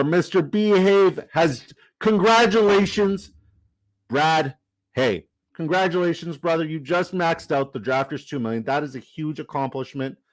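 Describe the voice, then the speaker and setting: A man hosting a live stream, upbeat and chatty, swearing casually and giving shout-outs. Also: medium pitch, no room sound, rough recording. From Canada. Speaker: livestream host. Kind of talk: casual livestream commentary.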